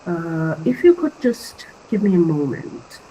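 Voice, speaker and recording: Soft-spoken woman presenting a workshop. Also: fairly low pitch, sing-song, a little slow, slight background noise, poor audio. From Africa. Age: young adult. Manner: earnest and conversational, with frequent fillers.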